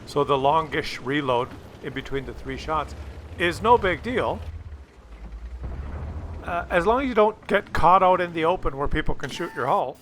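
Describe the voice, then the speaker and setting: Excitable man hosting gameplay commentary. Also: fairly high pitch, normal speed, a little hiss or hum. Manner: excitable, rambling and jokey. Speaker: gaming video host.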